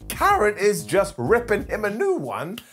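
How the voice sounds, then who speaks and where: A man delivers a jokey retro wrestling review in a raised, lively voice that swings up and down. He is sarcastic and animated and laughs at his own gags. Faint music plays under him. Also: sits high, measured pace. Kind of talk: comedic retro review commentary.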